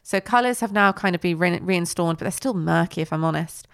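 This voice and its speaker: A woman's voice: lowish voice, a little fast, vocal fry, no room sound, studio quality. A woman co-hosting a casual film review chat, rambling with lots of "like". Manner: chatty, rambling with many likes. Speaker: podcast co-host.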